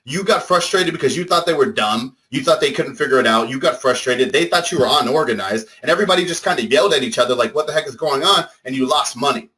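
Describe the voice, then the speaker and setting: A young man giving an energetic motivational talk to a marketing audience, firing questions at listeners and swearing casually. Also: medium pitch, quick pace, hardly any pauses, poor audio. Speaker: speaker at a marketing workshop.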